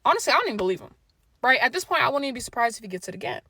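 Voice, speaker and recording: A young woman telling a storytime story to camera in a lively, animated way, acting out family members' lines. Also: a little high, racing, vocal fry, no room sound, studio quality. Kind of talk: storytime vlog.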